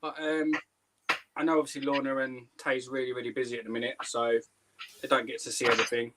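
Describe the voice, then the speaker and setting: A man's voice: medium pitch, flat delivery, quick pace, noisy background. A man, a little out of breath, joking and teasing himself as a guest on a casual livestream. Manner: joking, self-mocking banter.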